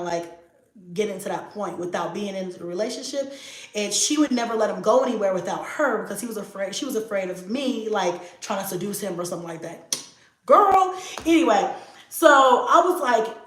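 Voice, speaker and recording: A woman, telling a story in casual chat, animated and profane, laughing often. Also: medium pitch. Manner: animated, profane, laughs often, acts out her own past lines loudly. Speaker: vlogger answering viewer questions. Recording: echoey room.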